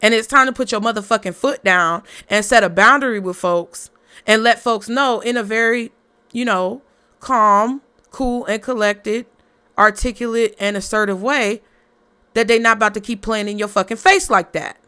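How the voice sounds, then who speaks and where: A woman's voice: a little high, normal speed, bright, forceful tone, smooth. Blunt, fired-up woman tarot reader. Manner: blunt, profane, fired-up motivational talk. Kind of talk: casual collective tarot reading.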